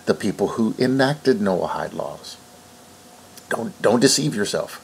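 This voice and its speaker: A man's voice: lowish voice, expressive, a little slow, creaky, slight background noise. A man reading news stories aloud and breaking off to rebut them in an indignant, preachy way. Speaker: online commentator.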